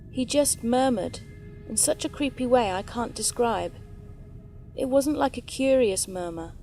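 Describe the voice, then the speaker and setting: Mellow woman reading scary stories. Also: mid-range voice. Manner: calm, measured storytelling. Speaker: horror story narrator. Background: faint background music.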